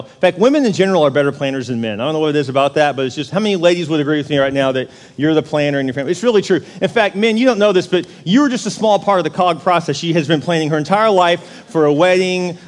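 Animated male pastor in a big echoing hall. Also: on the high side. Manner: animated, humorous storytelling that asks the crowd questions. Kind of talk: sermon. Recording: long reverb of a large hall.

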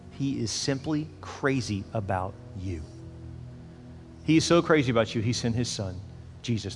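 Middle-aged male preacher, animated storyteller who softens for prayer, long hall reverb, faint music. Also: mid-range voice. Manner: animated storytelling, turning soft and slow for prayer. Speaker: pastor. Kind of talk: sermon.

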